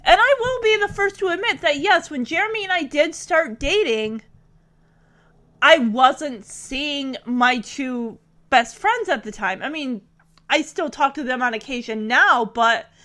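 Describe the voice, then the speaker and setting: A woman's voice: high-pitched, unhurried, a bit bright. A young adult woman reviewing a TV episode in casual commentary, chatty and emotional, with lots of fillers.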